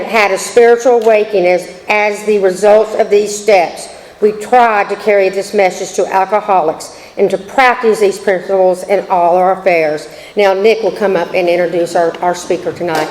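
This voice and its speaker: A woman reading the recovery steps aloud at a meeting in a church hall, steady and careful. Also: mid-range voice. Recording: echoey hall.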